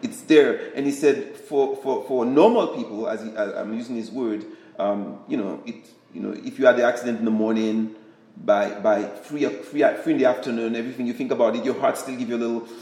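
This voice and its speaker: A man's voice: medium pitch, fairly quick, warm tone, reverberant, rough recording. A man giving a conversational sermon, often restarting and repeating words as he explains. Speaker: preacher.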